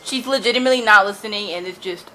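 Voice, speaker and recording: A young woman with a medium-pitched voice talks fast in a casual vlog reacting to a book she's reading. She sounds animated and exasperated, uses lots of fillers, and is losing her voice, all on a low-quality recording.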